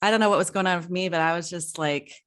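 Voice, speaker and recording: A middle-aged woman hosting a podcast, talking in a casual, heartfelt way, emotional and quick to laugh. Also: on the low side. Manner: warm, emotional, laughs often. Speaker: podcast host.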